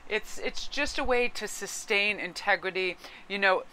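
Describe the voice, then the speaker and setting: A woman's voice: medium pitch, measured pace, pushed and bright, clean tone. A woman giving a casual tarot reading, chatting with her viewers and aside to her cat. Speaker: tarot card reader.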